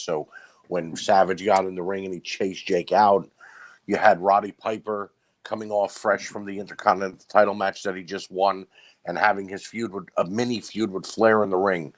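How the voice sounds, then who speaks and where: A man co-hosting a casual podcast chat, emphatic and repeating himself to make a point. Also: sits low. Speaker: podcast co-host.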